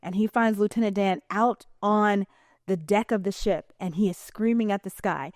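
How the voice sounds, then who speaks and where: A woman's voice: mid-range voice, normal speed, darkish tone, dry recording, studio quality. A woman talking in a casual vlog monologue, chatty, colloquial and emphatic. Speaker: vlogger.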